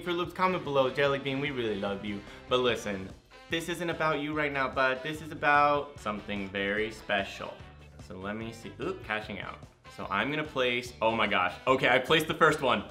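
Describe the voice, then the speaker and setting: A young man giving excited gameplay commentary, gushing and talking straight to his fans while very tired from little sleep. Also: medium pitch, fairly quick, soft background music. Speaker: gaming YouTuber.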